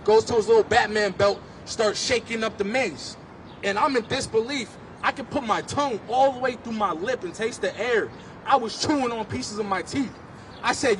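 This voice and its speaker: A man with a high voice tells his personal story with passion at an outdoor street rally, speaking at a moderate pace and at times breaking into shouts. A little hiss or hum is audible.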